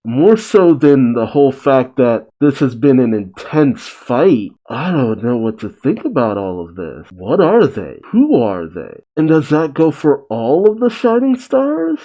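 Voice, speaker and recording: A man hosting a comic reaction channel, reading a chapter aloud and breaking off into bewildered, animated asides. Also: mid-range voice, low-quality recording.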